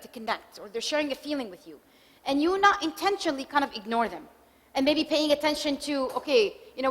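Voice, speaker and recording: A middle-aged woman speaks to a group about marriage in a relaxed, conversational way. She slips into short acted-out lines for husbands and wives. Her fairly high voice carries a long hall reverb. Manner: conversational, acts out spouses' lines in quick examples. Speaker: speaker giving a talk. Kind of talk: marriage workshop talk.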